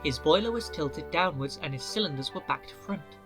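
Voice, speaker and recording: A man reading a children's storybook aloud in a clear, measured way. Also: a little high, expressive, over music. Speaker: narrator. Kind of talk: storybook narration.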